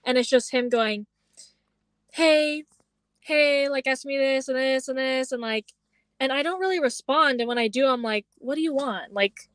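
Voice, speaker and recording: A young woman talks through a story in a loose, chatty way, filling her sentences with "like" and acting out what others said. Her voice sits a little high. The sound is dry and close. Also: moderate pace, clean tone, dry recording. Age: young adult. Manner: chatty storytelling, heavy use of "like", acts out quoted lines. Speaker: podcast co-host. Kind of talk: casual chat.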